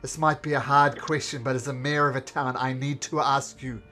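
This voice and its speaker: A man's voice: medium pitch, little pitch movement, moderate pace, bright, forceful tone, faint music behind, close to an everyday voice. A man voicing a woman mayor who is blunt and coarse-talking in a tabletop game. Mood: probing.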